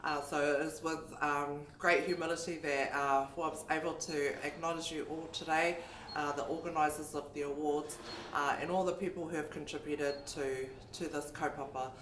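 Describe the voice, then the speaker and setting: Halting man giving humble thanks. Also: a little high, little pitch movement, fairly bright tone. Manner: halting, humble, with many fillers. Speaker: award acceptance speaker. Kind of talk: formal thank-you speech. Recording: echoey room with faint noise.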